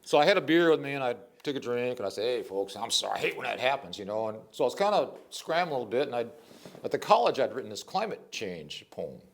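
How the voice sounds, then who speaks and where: An older man, a poet, telling stories in a casual interview, animated and rambling, with frequent restarts. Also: mid-range voice, fast talker.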